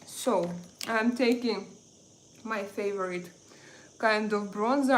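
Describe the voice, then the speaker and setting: Russian-accented woman hosting a beauty stream, chatty and hesitant, mid pitch. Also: roomy sound, a little hiss or hum. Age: 30s or 40s. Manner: halting, many fillers and restarts, reads chat aloud. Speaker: beauty livestream host. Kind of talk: casual livestream chat while doing makeup.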